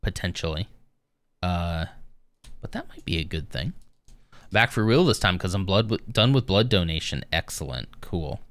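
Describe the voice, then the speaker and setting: A man's voice: sits low, big pitch swings, moderate pace, a bit bright. A man streaming live, chatting casually with viewers in a rambling, easygoing way with lots of fillers.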